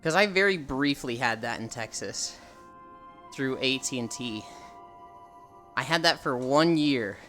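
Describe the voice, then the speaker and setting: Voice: mid-range voice, expressive, unhurried, pauses often, fairly bright tone, soft background music. A young adult livestreamer in casual, rambling chat with viewers, swearing freely and answering chat as it comes. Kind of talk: casual live-stream chat.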